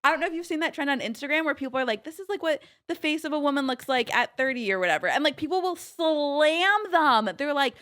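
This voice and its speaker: A woman's voice: sits high, animated, fast, hardly any pauses, a bit bright. Chatty woman podcast cohost, thirties, says like a lot, laid back. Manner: chatty, heavy use of "like". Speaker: podcast co-host. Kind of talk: casual chat.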